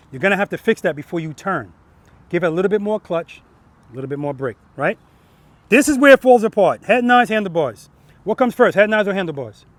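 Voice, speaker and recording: A man's voice: high-pitched, no echo. A man teaching a group of riders outdoors as their riding instructor, questioning the group and ending points with "right?". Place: outdoor practice lot.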